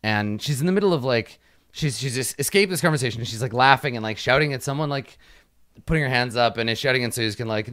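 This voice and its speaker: A man's voice: medium pitch, quick pace, a bit bright. A man narrating as game master of a tabletop game, rambling with fillers and restarts.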